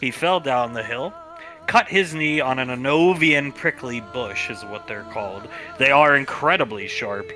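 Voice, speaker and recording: A man narrating as game master of a livestreamed tabletop role-play, telling the scene in a relaxed way with quick character asides. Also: medium pitch, soft background music.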